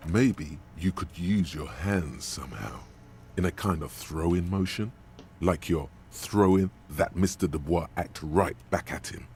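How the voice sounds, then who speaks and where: Man doing a ominous inner voice, extremely deep, very slow, intense. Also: a little mellow, a little hiss or hum. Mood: brooding. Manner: slow, brooding, intense narration. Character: ominous male inner voice of the mind. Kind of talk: fan voice acting of a game.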